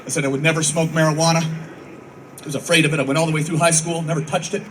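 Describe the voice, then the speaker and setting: A man in his thirties performs rambling stand-up for troops at an outdoor base, slipping into acted-out voices and swearing freely. His voice sits a bit high. He is heard from a distance, with loud outdoor noise around him. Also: level tone, fast. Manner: rambling storytelling, acts out voices, frequent swearing. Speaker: comedian. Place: outdoor military base show. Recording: far-off mic, noisy open-air ambience.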